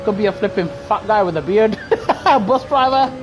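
A man's voice: high voice, expressive, moderate pace, noisy background. A man streaming a sim racing game live, bantering in a jokey, laughing, cheeky way into a gaming headset at his home rig. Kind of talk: live gameplay commentary.

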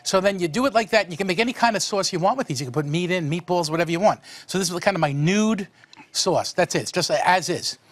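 A man hosts a home cooking segment, chatting while he cooks. His voice sits high and the words tumble out fast. He keeps it folksy and enthusiastic. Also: no room sound. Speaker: cooking show host, a monsignor.

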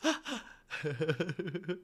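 A man's voice: a little high, very animated, extremely slow, a bit bright, husky, no echo. An Australian man live streaming, chatting casually and rambling through a sponsored ad with frequent laughs and self-corrections.

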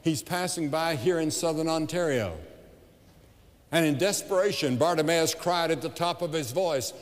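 A man evangelist delivering a revival sermon to a large crowd, emphatic and building to loud appeals, recorded live in an arena. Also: on the high side, normal speed. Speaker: evangelist preacher. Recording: long hall reverb, live event.

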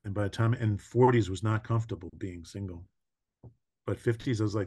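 An older man with a low voice chats easily as a podcast guest. He tells personal stories with frequent laughter and drifting pauses. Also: slightly rough. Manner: warm storytelling, laughing often, trailing pauses. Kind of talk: casual conversation.

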